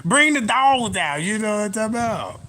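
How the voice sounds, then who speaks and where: Animated high-voiced man telling comic stories. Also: moderate pace, slight background noise. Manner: animated, profane, repeats "you know what I'm talking about". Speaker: comedian. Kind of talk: stand-up storytelling.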